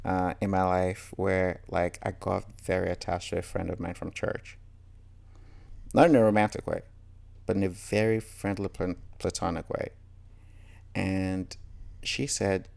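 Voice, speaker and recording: A man's voice: low voice, creaky, a little mellow. A man telling reflective personal stories candidly and earnestly, often quoting what others said to him. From Nigeria. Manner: candid, earnest, quotes others in reported speech. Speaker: storyteller.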